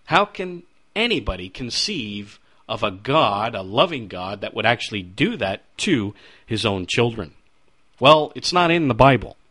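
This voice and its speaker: A middle-aged man delivers a radio sermon, pressing his points with rhetorical questions and quoted scripture. His voice swings widely in pitch, animated and insistent. The sound is dry and close, with no room echo. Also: a little slow, breathy edge. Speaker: radio preacher.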